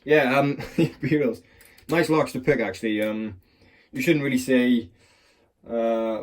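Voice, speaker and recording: A man's voice: medium pitch, normal speed. A man chatting casually about picking locks, rambling and swearing with a self-mocking edge, recorded on a clamped phone. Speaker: lock picking hobbyist. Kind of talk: casual chat while demonstrating.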